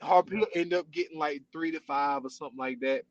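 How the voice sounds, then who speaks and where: A man hosting a podcast, retelling a story in an animated, casual way with lots of "you know what I'm saying". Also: on the high side, quick pace, no room sound, highs cut off. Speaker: podcast host. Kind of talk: casual chat.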